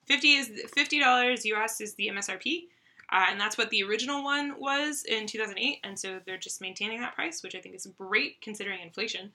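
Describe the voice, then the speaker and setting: Bright chatty young woman. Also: on the high side, fast talker. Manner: chatty, giggly. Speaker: host. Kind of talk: casual board game review chat.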